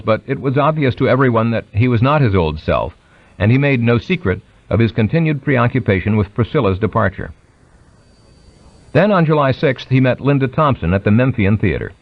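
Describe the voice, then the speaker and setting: A man reading a biography aloud as an audiobook narrator, raising his pitch for quoted speech. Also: dry recording, highs cut off. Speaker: audiobook reader.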